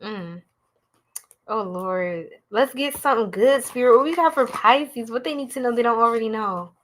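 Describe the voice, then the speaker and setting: A woman's voice: fairly high pitch, normal speed, a bit bright. A young woman, doing a live tarot reading in a playful, goofy, slangy way and laughing often. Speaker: tarot reader.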